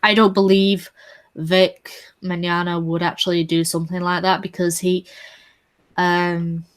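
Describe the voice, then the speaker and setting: Woman, lower voice, plainspoken and opinionated, for a casual stream chat. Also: level tone, unhurried. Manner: firm, opinionated commentary.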